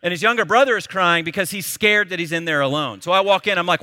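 A pastor in his thirties delivers a sermon with a bright, forceful tone and a slightly raised pitch. He tells a family story in an animated, conversational way. The close, dry voice rings out in the long reverb of a big hall. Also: brisk, hardly any pauses, clear, resonant tone.

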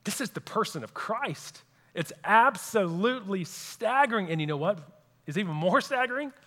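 A man's voice: sits high, expressive, normal speed, sharp tone, big-room sound. A man preaching a sermon as pastor, earnest and repeating key phrases for emphasis.

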